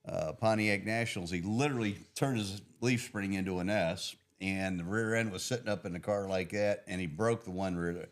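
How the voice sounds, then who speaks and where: A middle-aged man, an engine builder, chatting loudly on a podcast and laughing often as he rambles about his work. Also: low-pitched, moderate pace, hardly any pauses. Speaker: engine builder and shop owner. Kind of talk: casual podcast chat.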